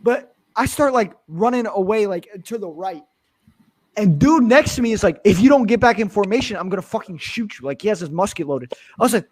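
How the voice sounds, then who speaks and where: A young man from Pennsylvania, a streamer, telling a story in casual chat with lots of swearing and animated energy. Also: sits high, brisk, breathy edge.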